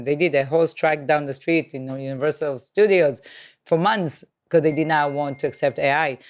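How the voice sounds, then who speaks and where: A woman entrepreneur talking as a podcast guest, emphatic and persuasive, repeating phrases for weight. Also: low-pitched. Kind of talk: conversational interview.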